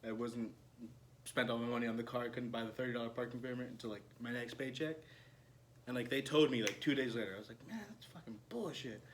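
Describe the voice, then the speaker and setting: Man, comedy podcast, casual chat, blunt, profane, mid-pitched, faint background noise. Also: steady tone, fast. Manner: blunt, swearing storyteller. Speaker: podcast co-host.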